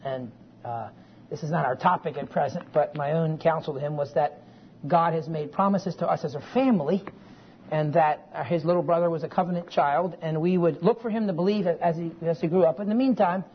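A man's voice: fairly high pitch, fairly quick. Folksy man teaching a Bible class. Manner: folksy, digressive, checks in with listeners. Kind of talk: classroom lecture with personal story. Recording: dull lo-fi recording with faint hiss.

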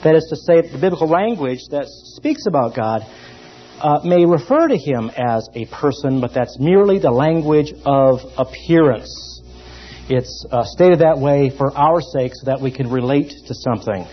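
A man teaching a theology class in a lively, emphatic lecture style, pausing often. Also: medium pitch, breathy edge. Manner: lively and emphatic, with many pauses. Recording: dull lo-fi recording.

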